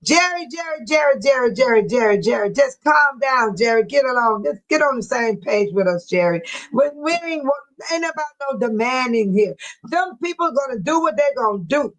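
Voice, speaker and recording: The livestream host is a middle-aged woman from the Dolton, Illinois area whose high voice has lively intonation and a moderate pace. In casual chat she reads viewer comments and teases her viewers by name. The recording is rough.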